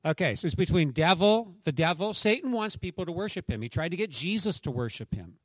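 A man preaching a relaxed, conversational sermon, with a voice sitting a little higher than most men's. He jokes as he goes, and the sound is dry and close. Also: a little fast, no echo. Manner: chatty, joking, conversational. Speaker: pastor. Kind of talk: sermon with anecdotes.

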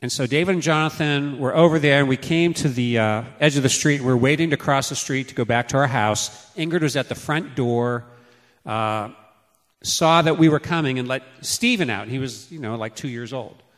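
A man's voice: mid-range voice, moderate pace. A man in his fifties giving a sermon on parenting, telling family stories and acting out how he called his children. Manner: storytelling, acts out calls to his children loudly. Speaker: preacher. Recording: long hall reverb.

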